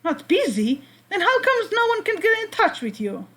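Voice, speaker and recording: A woman's voice: very high-pitched, huge pitch swings, moderate pace, fairly bright tone, slight background noise, voice pushed up, exaggerated voice. A woman with an Israeli accent voicing an awkward, hesitant young male lawyer from a game. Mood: flustered.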